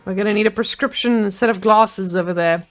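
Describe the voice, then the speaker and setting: A woman casting a live strategy game match with a playful, excitable, jokey manner, speaking into a handheld microphone. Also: medium pitch, fast talker. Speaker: esports caster.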